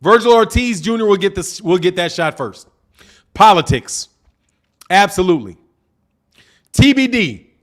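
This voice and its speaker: A man's voice: high-pitched, animated, unhurried, pauses often, a bit bright. A man hosting a live boxing show, reading chat comments and bluntly mocking commenters while repeating his points. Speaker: boxing channel host.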